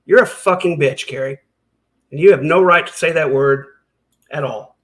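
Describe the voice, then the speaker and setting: A man's voice: a little high, moderate pace. A man hosting a reaction commentary, ranting in a heated, sarcastic and profane way. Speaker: commentary channel host.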